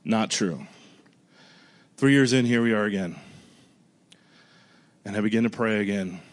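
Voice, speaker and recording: A male pastor delivers a storytelling sermon in a conversational, earnest way. His voice sinks to a hushed murmur when he recalls his prayers and jumps up high in bursts of excitement. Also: a little slow.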